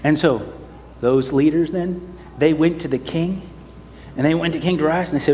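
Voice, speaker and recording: A man's voice: fairly high pitch, normal speed, long pauses, dark tone, slight background noise. A man preaching as pastor, telling a children's story sermon and acting out the characters. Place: church sanctuary. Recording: long church hall reverb.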